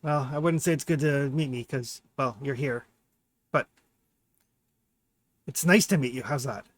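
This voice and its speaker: A man voicing a wary male dwarf guide who speaks haltingly and hesitantly. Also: medium pitch, no echo, lightly acted. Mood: awkward. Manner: halting, hesitant, full of fillers.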